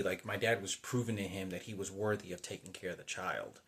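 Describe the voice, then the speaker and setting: A man in his forties telling a rambling personal story, halting and unsure, often restarting and trailing off. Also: deep voice, flat delivery, fairly bright tone. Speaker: vlogger.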